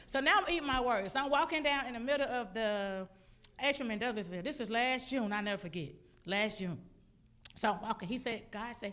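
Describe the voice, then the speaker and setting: A woman giving a testimony sermon in a church, telling her story with animated delivery and acting out her own outbursts. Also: on the high side, quick pace. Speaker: guest speaker. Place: church sanctuary.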